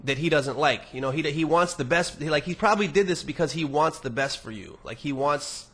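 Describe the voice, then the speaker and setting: A man's voice: on the high side, fairly quick, a bit bright, husky. A young man hosting a podcast, reading listener emails aloud and answering them in a rambling, profane, casual monologue with many restarts.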